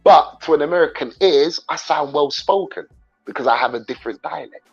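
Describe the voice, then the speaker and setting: A man's voice: on the high side, fairly quick, breathy edge, dull audio, soft background music. A man from England with a London accent mixed with Jamaican patois, hosting a casual livestream chat and talking straight to his viewers in a rambling way. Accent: London English mixed with Jamaican patois. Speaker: livestream host.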